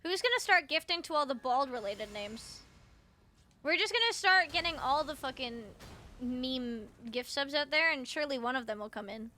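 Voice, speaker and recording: A woman's voice: high voice, expressive, normal speed, pushed and bright, slight background noise. A woman from Canada, chatting casually with her viewers during a live game stream and swearing freely. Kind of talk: live gaming stream chat.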